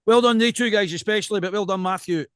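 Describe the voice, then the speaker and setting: Lively Scottish man with a fairly high voice. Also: quick pace, clean tone, no room sound, clean studio sound. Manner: animated and jokey, tells stories with quoted asides. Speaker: podcast co-host. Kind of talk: casual podcast chat.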